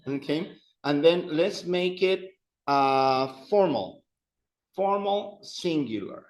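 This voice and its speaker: A man's voice: fairly high pitch, expressive, slow pace, rough recording. A man teaching an adult Spanish class, patiently repeating words for his students to practice.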